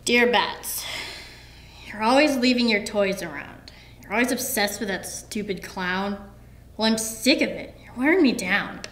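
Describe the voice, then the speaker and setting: A woman's voice: medium pitch, animated, unhurried, a bit bright. A woman playing a fed-up young male sidekick in an amateur sketch, grumbling with exasperation in an echoey room. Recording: roomy echo, faint hum.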